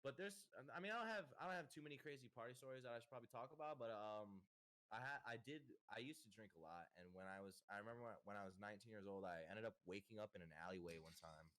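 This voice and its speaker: A man's voice: lowish voice, fast, a bit bright. A young man hosting a podcast in casual chat, rambling and restarting his sentences as he goes. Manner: rambling, stop-start with many restarts. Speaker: podcast host.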